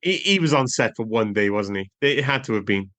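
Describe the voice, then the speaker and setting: A man co-hosting a casual film podcast, excitable and jokey, drifting off on tangents. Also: on the low side, a little fast. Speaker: podcast co-host.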